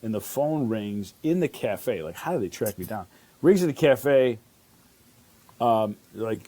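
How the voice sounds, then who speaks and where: Man, 50s, chef guest; low, mellow voice, rambling storyteller. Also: normal speed. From Chicago. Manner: rambling, many fillers and restarts. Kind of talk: casual interview storytelling.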